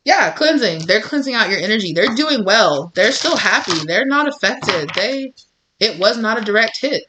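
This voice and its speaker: A woman's voice: mid-range voice, animated, normal speed, noisy background. A woman giving a chatty, blunt tarot reading, swearing freely and laughing often. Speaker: tarot reader.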